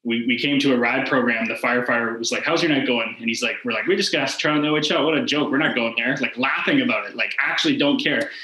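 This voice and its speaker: A young man talks quickly in a bright, forceful voice. He tells his story casually, with plenty of "like" and acted-out dialogue. The room gives it a clear echo. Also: mid-range voice. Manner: rambling, heavy use of "like" and quoted dialogue. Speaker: former hockey player, podcast guest. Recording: echoey room.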